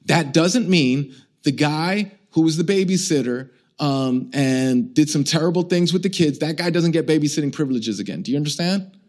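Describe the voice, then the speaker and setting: A middle-aged man preaching a sermon as a pastor, with humorous, animated storytelling, self-mocking asides and questions to the congregation. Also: mid-range voice, creaky. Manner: conversational, asks the congregation questions.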